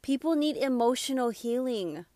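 A woman's voice: sits high, expressive, moderate pace, dark tone, no room sound. A young adult woman delivering an impassioned motivational monologue as a self-help speaker, emphatic and preachy, swearing freely.

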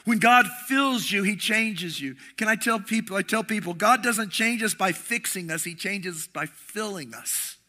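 A middle-aged man preaching a sermon with passion, swinging between shouting and hushed tones. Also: sits high, moderate pace, hardly any pauses. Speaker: pastor.

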